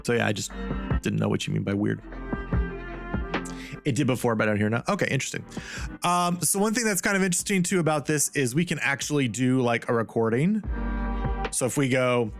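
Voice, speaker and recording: A man's voice: medium pitch, lively intonation, brisk, vocal fry, long pauses, music in the background. A man chatting casually on a live stream as a streamer, rambling and talking to his chat while testing a studio microphone. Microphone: studio mic.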